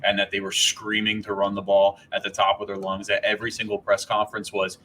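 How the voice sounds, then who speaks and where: A man's voice: on the low side, monotone, fast talker, few pauses, fairly bright tone, slight background noise, low-quality recording. A man co-hosting a podcast in casual sports chat, rambling with restarts, swearing and laughing. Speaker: podcast co-host.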